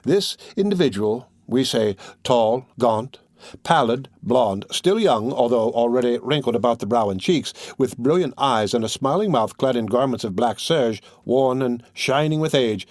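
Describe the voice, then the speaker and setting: Male audiobook narrator, measured reading, dry close sound, middle pitch. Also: animated, a little mellow, no room sound.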